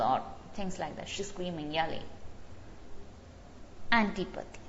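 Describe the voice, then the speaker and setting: A woman's voice: mid-range voice, expressive, measured pace, long pauses, slight background noise. Lady teaching a vocab class online, says words twice, tells little stories, bit dull sound. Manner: repeats key words, explains through stories. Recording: slightly dull lo-fi audio.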